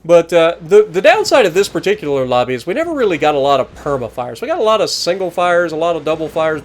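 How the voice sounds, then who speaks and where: A man narrating his own gameplay with a joking, teasing manner. His voice sits a touch high and swings widely in pitch. He sounds lively and entertained throughout. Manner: animated, joking, teasing opponents. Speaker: gaming channel host. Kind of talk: gameplay commentary.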